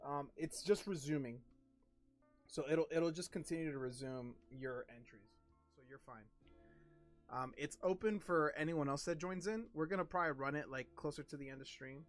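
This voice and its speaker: A man hosting a card-opening livestream, chatting loosely and excitedly and swearing often. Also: a little high, moderate pace, soft background music. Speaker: card-breaking livestream host. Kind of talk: casual stream chat.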